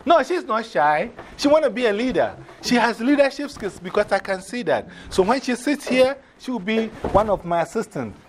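A man leading a drumming workshop from abroad, coaxing a group through call-and-response with energetic, repeated cues. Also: high-pitched, normal speed, few pauses, slight background noise. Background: hand drums playing.

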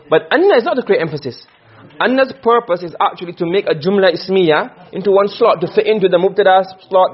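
A man teaching a class, lecturing quickly and often checking with his students. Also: high-pitched, breathy edge, muffled recording. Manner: quick, questioning students often, mixing Arabic terms. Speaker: teacher of Arabic rhetoric.

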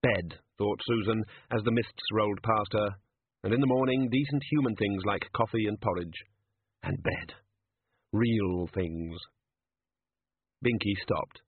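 A man narrating an audiobook in a dry, steady storytelling manner. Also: lowish voice, unhurried, pauses often, slightly rough, no room sound. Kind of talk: scripted narration. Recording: narrow phone-like sound.

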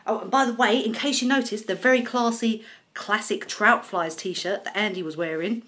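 A woman's voice: mid-range voice, normal speed, fairly bright tone. A woman co-hosting a podcast, chatting casually about a TV episode and laughing often between points. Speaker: podcast co-host. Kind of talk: casual chat recapping a TV episode.

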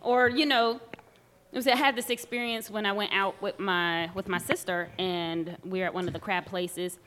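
A woman's voice: medium pitch, normal speed. A woman in casual conversation, telling stories animatedly and acting out the voices of people she quotes. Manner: animated storyteller who acts out quoted voices. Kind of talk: casual chat.

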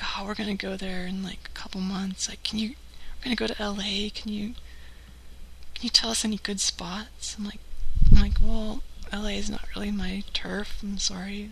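Woman from California, casual storyteller, gravelly fry, bright edge, lots of "like". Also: medium pitch, a little hiss or hum, low-quality recording. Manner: chatty, acts out quoted people, many "like" fillers. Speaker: live stream host.

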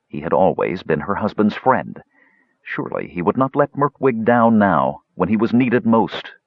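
A man with a husky, fairly low voice reads a fantasy story aloud in measured, dramatic narration, his pitch moving lively with the telling. The recording is dull and lo-fi, with a dry, close sound. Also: no room sound. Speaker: audiobook narrator. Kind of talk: scripted narration.

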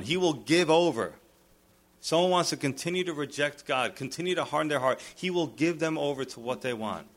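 A male pastor preaching a verse-by-verse sermon in a conversational way, raising his voice to act out quoted speakers. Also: medium pitch. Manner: animated, acts out quoted lines in a raised voice; conversational asides, fillers. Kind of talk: expository sermon.

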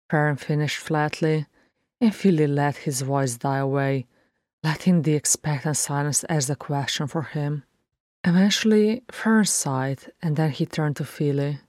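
A woman narrates a story in a low, unhurried voice. Her reading is steady and measured, and the recording is dry and close. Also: no room sound. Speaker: reader. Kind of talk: audiobook fan fiction narration.

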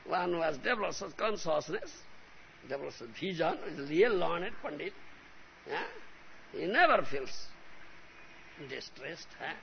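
A man giving a devotional lecture as a spiritual teacher. He speaks emphatically and keeps adding a questioning "huh?", sometimes drawing phrases out slowly. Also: a little high, lively intonation, creaky. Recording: lo-fi recording with faint hiss.

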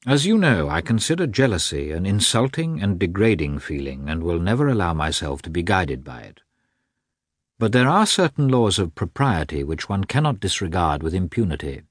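A man voicing a stiff middle-aged husband who speaks coldly, calmly and with deliberation. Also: sits low, slightly rough, no echo, clean studio sound, exaggerated voice. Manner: cold, calm, deliberate.

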